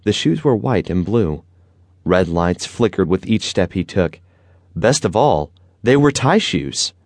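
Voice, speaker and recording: Expressive male storybook narrator. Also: low-pitched, measured pace, no room sound. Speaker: audiobook narrator. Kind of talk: children's audiobook narration.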